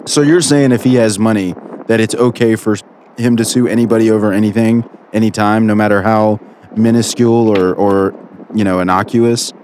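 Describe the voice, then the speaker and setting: Low-voiced man hosting a comedy radio show. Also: steady tone, normal speed, darkish tone, a little hiss or hum.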